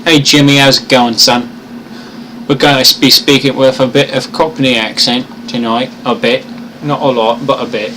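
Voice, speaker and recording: A man casually chatting with viewers on a live stream, playful and chatty, who also reads a story aloud slowly. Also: mid-range voice, fairly even intonation, bright, forceful tone, slight background noise, low-quality recording.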